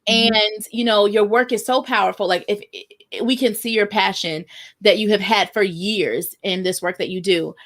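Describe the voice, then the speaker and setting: A woman hosting a live online show, chatting warmly and affirming her guest. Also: medium pitch, steady tone, moderate pace. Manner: affirming, chatty, reads viewer comments. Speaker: host.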